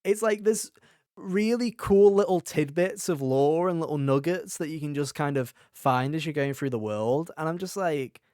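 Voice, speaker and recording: A man in his twenties co-hosting a casual gaming podcast, animated and acting out quotes as he tells stories. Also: on the high side, moderate pace, dry recording, studio quality. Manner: animated storyteller, acts out quotes. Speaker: podcast co-host. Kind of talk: casual chat.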